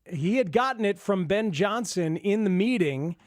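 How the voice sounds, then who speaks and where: Male radio host, high voice, dry studio sound, excitable. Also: normal speed, no echo. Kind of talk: sports talk radio chat.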